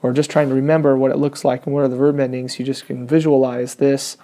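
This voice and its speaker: A man's voice: mid-range voice, level tone, fast, warm tone. A man teaching a Spanish grammar lesson, explaining step by step and checking in often.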